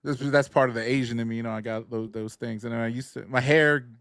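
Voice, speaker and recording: A man co-hosting a podcast, chatting in a laid-back way, laughing often and trailing off quietly. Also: medium pitch, steady tone, quick pace, dry recording, clean studio sound. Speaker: podcast co-host. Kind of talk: casual chat.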